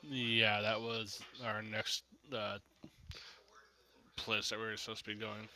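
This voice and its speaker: A man's voice: lowish voice, completely flat delivery, takes it slowly, pushed and bright. A man playing in a tabletop role-playing game, talking in a laid-back, hesitant way. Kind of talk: casual tabletop role-play talk.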